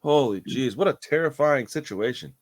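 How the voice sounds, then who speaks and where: A man talking casually about a movie. He is animated, swears freely and laughs often. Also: mid-range voice, normal speed. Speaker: podcast co-host.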